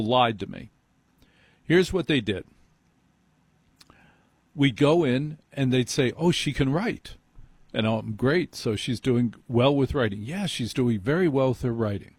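Middle-aged male talk radio host, husky, dry close mic, blunt opinions. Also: mid-range voice, a little mellow, dry recording.

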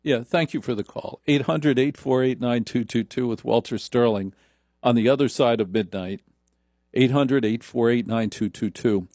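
A man's voice: mid-range voice, moderate pace, darkish tone, no room sound, clean studio sound. A middle-aged man hosting a late-night radio talk show, brash and sarcastic, getting riled up as he talks.

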